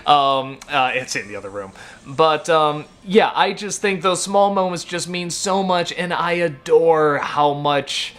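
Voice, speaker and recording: He's in his thirties and hosts a web show, talking off the cuff to camera in a highish, somewhat bright voice with lively intonation and no hurry. Fillers and self-corrections pile up as he rambles, getting worked up about minor stuff.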